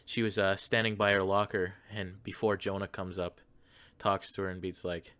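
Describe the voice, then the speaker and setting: A man's voice: low voice, flat delivery, moderate pace, fairly bright tone, clean tone, no room sound. A man hosting, goofily rambling through an improvised comedy story with a friend. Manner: goofy, rambling, lots of fillers. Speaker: host.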